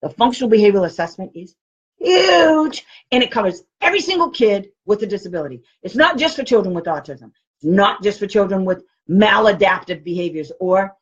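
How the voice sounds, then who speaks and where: A woman giving a blunt, animated training talk to parents as a special education advocate. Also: medium pitch, brisk, breathy edge. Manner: animated, blunt and combative, with quoted comebacks. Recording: dull lo-fi recording.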